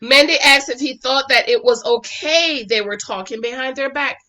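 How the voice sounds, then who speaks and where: Sassy bright-voiced woman recapping TV. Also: high-pitched, normal speed. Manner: sassy, scolds the people on screen; animated, switches between loud and quiet asides. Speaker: reality TV reviewer. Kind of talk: casual recap commentary.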